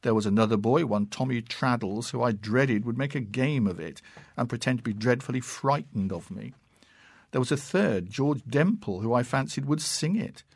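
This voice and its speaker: A man reading classic fiction aloud in a measured, unhurried and expressive way. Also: mid-range voice, breathy edge, dry recording, clean studio sound. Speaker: narrator.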